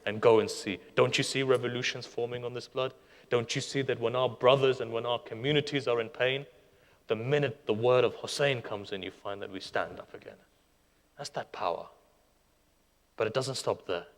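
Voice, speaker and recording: A man preaching a sermon, retelling stories with passion, his voice surging loud and then dropping soft. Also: mid-range voice, steady tone, moderate pace. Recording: long hall reverb.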